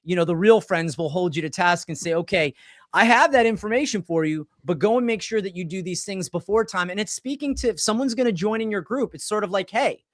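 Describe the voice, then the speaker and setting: A man in his forties hosting a casual podcast chat, telling animated, rambling stories full of restarts. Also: sits high, brisk, dry recording, studio quality. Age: 40s. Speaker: podcast host.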